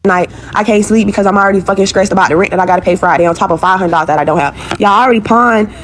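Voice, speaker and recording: A young woman rattles off a heated, profane rant at a quick clip, circling back to the same complaints again and again. Her voice sits at a middling pitch, and a faint hum of room noise runs under it. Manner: profane, repetitive, exasperated venting. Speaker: woman in a viral video clip. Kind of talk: venting rant to followers.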